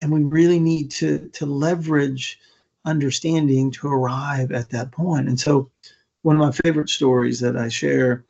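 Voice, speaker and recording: A man's voice: fairly high pitch, fairly even intonation, normal speed, darkish tone. A man giving an earnest storytelling talk as a speaker, emphatic and with stammering restarts. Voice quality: gravelly, husky. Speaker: keynote speaker. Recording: dull lo-fi recording.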